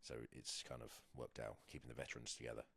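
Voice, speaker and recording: Very deep husky English man, rambling. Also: level tone, fast talker, sharp tone, dry recording. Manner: rambling, hesitant, many restarts and fillers. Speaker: guest, professional rugby player. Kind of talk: casual podcast chat.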